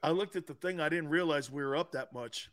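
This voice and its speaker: A man co-hosting a casual sports talk show, speaking in a high, sharp and forceful voice. He is blunt and swears freely, sinks into a low rumble for asides and then barks out the words of coaches from his old playing days. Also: fairly quick. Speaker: co-host, former football player.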